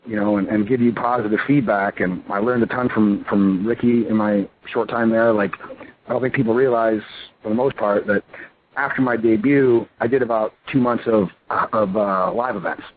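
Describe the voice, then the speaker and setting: Wrestler guest in his thirties, excitable rambling talk, tinny phone line with a faint hiss. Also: fairly low pitch, moderate pace. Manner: excitable, rambling, full of "you know" and "I mean". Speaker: pro wrestler, interview guest. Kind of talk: casual phone interview.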